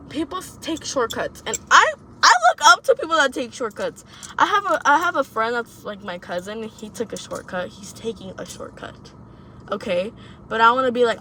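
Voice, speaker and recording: A woman's voice: a little high, lively intonation, moderate pace, bright, forceful tone, slight background noise. A young woman vlogging advice to camera from a parked car, blunt, rambling and profane. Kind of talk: casual monologue to camera.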